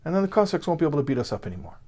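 A man's voice: on the high side, very animated, racing, darkish tone, pitched above the performer's own voice. A man voicing a pious male rabbi in a told story, patiently explaining something simply.

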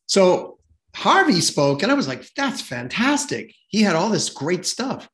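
Animated storyteller, a man with higher pitch. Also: unhurried. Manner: lively, acts out quoted voices, chuckles while telling. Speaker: podcast guest, sales expert.

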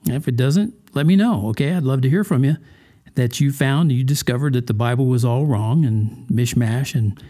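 A man's voice: mid-range voice, normal speed, mellow. Folksy man hosting a faith podcast. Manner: folksy and conversational, asks the listener questions. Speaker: podcast host. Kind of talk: casual religious podcast monologue.

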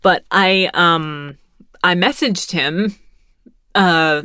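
A woman's voice: on the low side, very slow, pushed and bright, clear, resonant tone, dry recording, clean studio sound. A woman in her thirties from Texas telling a rambling, wry story in casual monologue, swearing lightly and laughing as she goes. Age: 30s.

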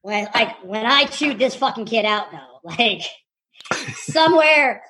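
High-voiced woman rambling as a guest. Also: expressive, measured pace, sharp tone, slight background noise. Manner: rambling, profane, filler-heavy. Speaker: podcast guest. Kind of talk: casual chat.

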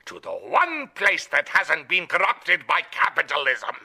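A manic villain, outrageous accent. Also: male voice, fairly high pitch, huge pitch swings, measured pace, gravelly, breathy edge, full character voice. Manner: exaggerated accent, shouting climax.

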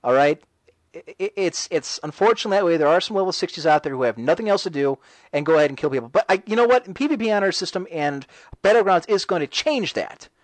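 A man's voice: high voice, animated, quick pace, dry recording, poor audio. A man hosting a casual talk radio show, reading and answering chat messages in a sarcastic, ranting way.

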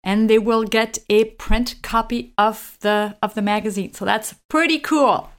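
A woman with a voice a little above the usual female pitch, hosting a podcast. She talks in a casual way, often chiming in with agreement and keeping the conversation moving along. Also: measured pace. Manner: friendly, with frequent affirming "yeah"s and light laughs. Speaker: podcast host.

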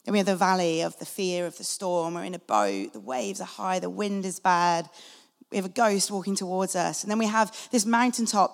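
Female preacher, conversational and earnest, slight vocal fry, in a reverberant church hall. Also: medium pitch. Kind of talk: sermon. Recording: long reverb of a large hall.

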